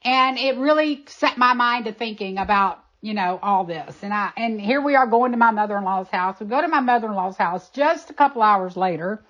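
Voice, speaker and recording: A woman being interviewed, telling a personal story in an animated, emphatic way. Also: medium pitch, a little fast, few pauses, highs cut off. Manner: animated, emphatic, acts out quoted voices.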